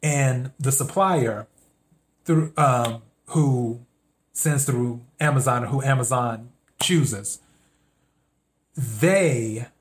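A man hosting a podcast, telling a story in a casual, meandering monologue and acting out his own thoughts in quotes. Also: mid-range voice. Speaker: podcast host.

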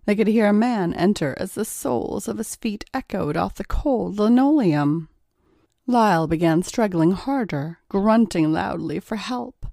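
A woman narrates an erotic audiobook in a calm, measured way. She reads slowly, with a dark, mellow tone. The recording is dry and close. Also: mid-range voice, gravelly, no echo.

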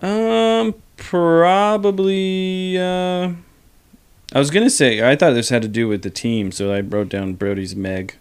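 A young man co-hosting a podcast in casual chat, an animated storyteller who keeps saying "like" and "you know what I mean". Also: a little high, slow pace, clear, resonant tone. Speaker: podcast co-host.

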